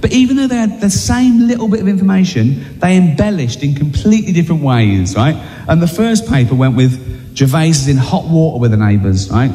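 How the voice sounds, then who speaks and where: A man's voice: fairly high pitch, lively intonation, a little fast, dark tone, in a large hall. A man telling a self-mocking anecdote on stage, chatty and tagging lines with "right?". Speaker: comedian.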